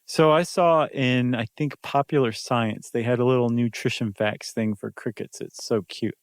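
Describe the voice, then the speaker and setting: A podcast co-host with a clear, resonant, mid-range voice speaks at a moderate pace with fairly even intonation, joking and chatting casually with filler ums. The recording is dry with clean studio sound.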